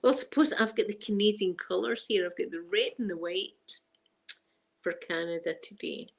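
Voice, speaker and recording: A woman's voice: medium pitch, normal speed, vocal fry. Scottish woman, live-stream host, rambling chatty delivery, laughs easily. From Scotland. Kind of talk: casual chat with live viewers.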